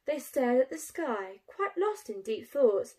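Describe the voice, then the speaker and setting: A woman teacher reading a rhyming picture book aloud to young children in an expressive, sing-song way. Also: sits high, a little slow.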